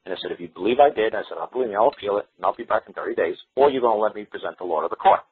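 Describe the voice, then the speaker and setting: A man telling a story on a radio call-in show, acting out his exchanges with a judge in quick back-and-forth and restarting his sentences often. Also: on the low side, breathy edge. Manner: quotes courtroom exchanges in animated back-and-forth; repeats himself with frequent restarts. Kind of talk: storytelling monologue. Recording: tinny phone-line radio recording.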